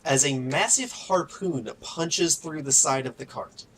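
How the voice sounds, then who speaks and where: A man's voice: on the high side, measured pace, very noisy. A man narrating as game master in a casual, filler-heavy way.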